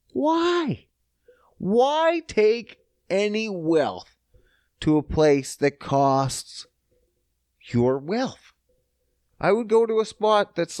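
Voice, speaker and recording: A foul-mouthed podcast host from Prince Edward Island rants on his own. His pitch leaps up and drops down as he works himself into mock fury. His voice sits close to the mic with a dry, dead sound. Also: dry recording. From Prince Edward Island, Canada. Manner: swears constantly, ranting and mock-heated; loud, animated pitch swings when riled up. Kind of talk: profane solo podcast rant.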